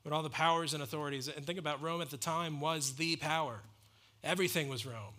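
A man's voice: fairly high pitch, quick pace, pushed and bright. A man preaching a sermon in an earnest, emphatic way, asking rhetorical questions and answering them. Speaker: pastor.

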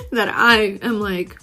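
A woman's voice: medium pitch, pushed and bright. A woman hosting a casual self-help podcast, swearing freely, laughing often and acting out her own inner voice. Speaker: podcast host.

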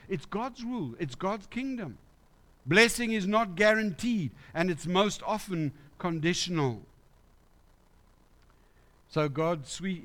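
Lively preaching man, slightly high voice. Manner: conversational, lively, asks the congregation questions. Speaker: pastor. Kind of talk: sermon. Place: church.

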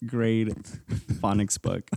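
A man's voice: fairly low pitch, steady tone, takes it slowly, vocal fry, darkish tone, no echo. A young man co-hosting a casual podcast chat, teasing and exasperated, laughing often. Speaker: podcast co-host.

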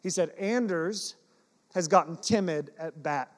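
A man preaching a sermon, telling personal stories in an animated, self-deprecating way to his congregation. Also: on the high side, unhurried. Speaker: pastor. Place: church sanctuary. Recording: long hall reverb.

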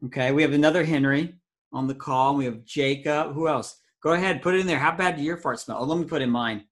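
A man's voice: a little high, fast. A man leading a children's ministry video call, talking in a playful, goofy way and reacting with easy amazement. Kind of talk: casual video call with kids.

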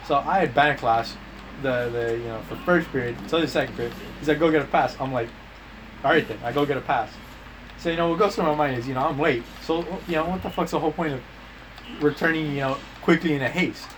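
His voice is a little high and a bit bright, and he talks slightly fast as he tells friends long, rambling stories laced with profanity. Slang like "bro" and "dude" keeps coming up, and he changes his voice for quoted lines. The low-quality recording has a little hiss or hum.

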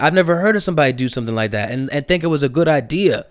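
A young man with a New Jersey accent rants in slangy, profane street talk. His voice is smooth and resonant, recorded close and dry. He drops to low mutters, then jumps to loud, exasperated outbursts. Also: animated, racing, few pauses, no echo. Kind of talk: casual opinion rant.

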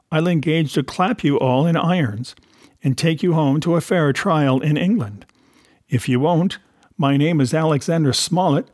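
Brief: man playing a hard-nosed captain, clipped orders, slightly high voice, dry close sound. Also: a little mellow, dry recording. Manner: clipped, commanding. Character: stern middle-aged male ship's captain, unbending.

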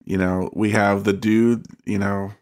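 A man co-hosting a casual chat about a movie, with a smooth radio-style delivery. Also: lowish voice, flat delivery, unhurried, darkish tone. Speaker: podcast co-host.

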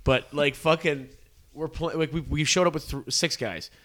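A man's voice: on the high side, steady tone, moderate pace, fairly bright tone. A man co-hosting a podcast, telling a rambling, profanity-laced story in casual chat. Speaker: podcast co-host.

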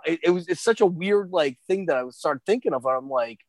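A man's voice: fairly high pitch, expressive, quick pace, a little mellow, no echo. A man co-hosting a casual film podcast, rambling with stammered repeats and casual swearing. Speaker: podcast co-host.

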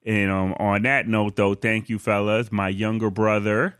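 A man hosting a podcast in casual chat, laid-back and quick to laugh, talking in loose slang. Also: lowish voice, flat delivery, fairly bright tone, clear, resonant tone, no room sound, clean studio sound. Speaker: podcast host.

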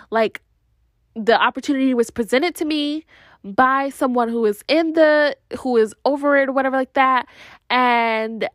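A woman's voice: a little high, no room sound, studio quality. Chatty young woman telling a story. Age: young adult. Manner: chatty, full of "like" fillers, animated quoted dialogue. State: tired. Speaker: vlogger. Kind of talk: casual storytelling vlog.

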